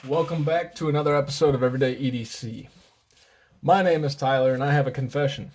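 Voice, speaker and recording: A man's voice: mid-range voice, fast, a little mellow, a little hiss or hum. A man hosting a casual show-and-tell vlog, chatty and rambling, often correcting himself, slightly out of breath. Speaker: host of a knife and gear channel.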